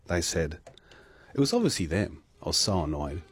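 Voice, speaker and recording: A man's voice: low-pitched, sing-song, normal speed, soft background music. A man hosting a radio show, chatting and telling stories with easy laughs. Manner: chatty storyteller, laughs easily. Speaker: radio host. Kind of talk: casual radio chat.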